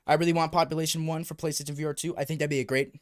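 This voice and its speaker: A young man from the United States chatting on a live stream, excitable and rambling as he talks to his viewers. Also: fairly high pitch, rapid-fire. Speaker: YouTube VR streamer. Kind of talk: casual live-stream chat.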